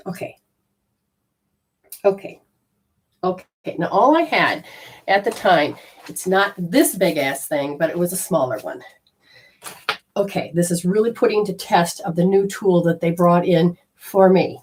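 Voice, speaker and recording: A woman telling a personal story in a casual, animated way, swearing freely and acting out her own panic. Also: mid-range voice, normal speed, long pauses.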